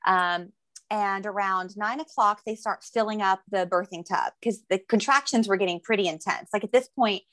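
A young woman telling a story in a casual chat, lively and jokey, acting out the voices she quotes. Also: mid-range voice, normal speed, dry recording. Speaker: guest telling her birth story.

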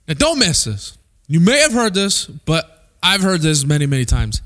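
A young man from Missouri preaching a sermon, animated and peppering the crowd with rhetorical questions. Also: on the high side, normal speed. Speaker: pastor.

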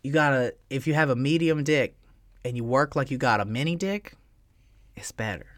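Recorded with clean studio sound, no room echo, and a close-up mic, a man in his thirties hosts a podcast. His mid-range voice moves at a moderate pace as he laughs, swears, and animatedly spins crude, casual stories.

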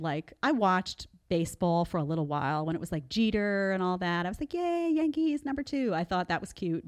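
A woman with a fairly low-pitched voice hosts a live commentary show, sarcastic and animated. She often mimics others in mocking voices.

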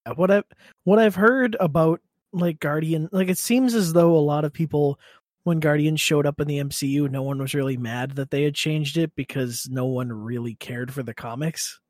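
A man's voice: a little high, fairly even intonation, darkish tone, dry recording, studio quality. A man hosting a casual podcast chat, often laughing between remarks. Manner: slow talker who laughs often.

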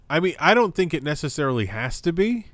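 In a fairly high, sing-song voice that is a bit bright, a young male co-host talks a little fast about wrestling. The chat is casual and rambling, packed with fillers and restarts, with no echo.

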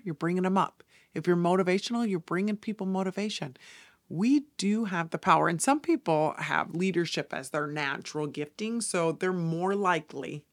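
A woman hosting a podcast, telling a story in a casual, animated way and slipping into soft whispered asides. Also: low-pitched, no room sound, clean studio sound. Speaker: podcast host and salon owner.

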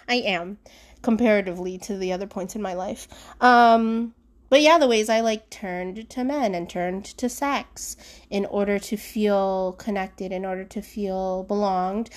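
A young adult woman hosting a solo podcast from home, talking candidly and rambling with many fillers and bursts of laughter. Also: mid-range voice. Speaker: podcast host. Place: alone at home.

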